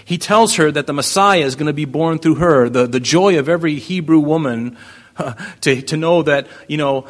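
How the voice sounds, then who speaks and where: A man preaching a sermon, reading scripture aloud and explaining it with rhetorical questions and emphatic declarations. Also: a little high. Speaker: pastor.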